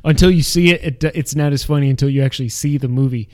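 A man's voice: mid-range voice, quick pace. A man co-hosting a podcast, gushing and rambling in casual chat. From Canada. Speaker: podcast co-host.

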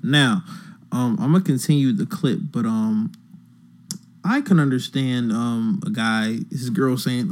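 A man hosting a podcast and commenting on a played clip in casual, profane speech. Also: mid-range voice. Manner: slow, deliberate, profane commentary. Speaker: podcast host.

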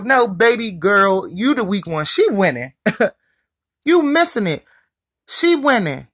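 A woman's voice: medium pitch, big pitch swings, unhurried, a bit bright. A young woman in a casual, profane rant, blunt and mocking as she calls out her listeners.

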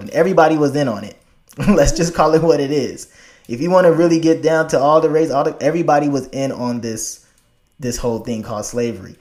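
Animated, emphatic man from Africa. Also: mid-range voice. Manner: animated, laughing, emphatic with frequent restarts. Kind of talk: casual conversation.

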